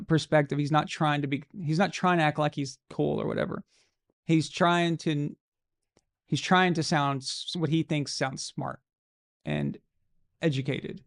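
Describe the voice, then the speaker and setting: Gravelly, blunt man ranting. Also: a little high, no echo, clean studio sound. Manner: blunt, opinionated ranting with casual swearing. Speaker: live show host. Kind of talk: casual sports commentary.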